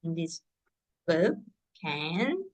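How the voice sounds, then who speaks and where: A woman's voice: low-pitched, big pitch swings, drawn-out words. A woman English teacher walking young learners through a workbook, patiently naming each step and punctuation mark.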